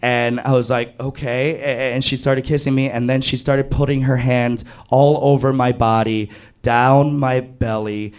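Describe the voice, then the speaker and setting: A man telling a comic true story to an audience, animated and self-mocking, leaping high in pitch on exclamations. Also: unhurried, clean tone.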